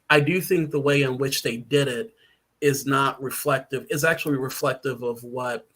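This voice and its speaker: A man's voice: medium pitch, sharp tone. Rambling man chatting on a podcast. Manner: rambling with frequent ums and laughs. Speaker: podcast guest, writer. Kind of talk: casual podcast chat.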